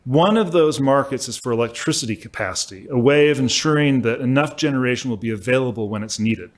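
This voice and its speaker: Man, mid-pitched, lecturing from a podium; measured, emphatic, prepared delivery. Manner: measured, emphatic delivery with occasional self-corrections. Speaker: law professor giving a lecture. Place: lecture hall at a symposium.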